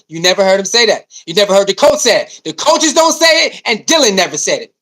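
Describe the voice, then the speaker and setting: A fast-talking man with a high voice rants animatedly about sports, barely pausing between lines. He speaks directly to his audience, repeats himself for emphasis, and tosses out rhetorical questions.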